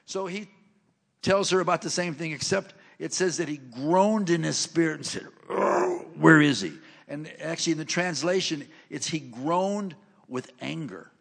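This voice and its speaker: A man's voice: on the high side, normal speed, creaky, in a large hall. A man preaching a sermon, retelling a scripture story in a folksy way and reading passages aloud with rising force.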